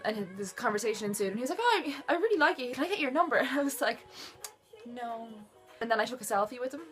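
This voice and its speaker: A woman's voice: medium pitch, fairly bright tone. Chatty young woman telling a story. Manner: chatty, rambling, dry asides. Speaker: vlogger. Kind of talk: casual storytelling.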